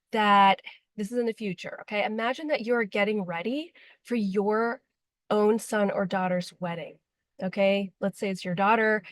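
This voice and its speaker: A woman's voice: a little high, no echo. A woman relationship coach speaking earnestly and emotionally to her viewers, with frequent ums and likes. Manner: emotional, heartfelt, with frequent fillers. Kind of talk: earnest direct-to-camera talk.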